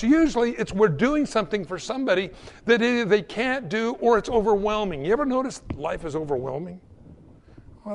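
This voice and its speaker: A man preaching a conversational sermon, acting out little everyday exchanges between people. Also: high-pitched. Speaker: pastor.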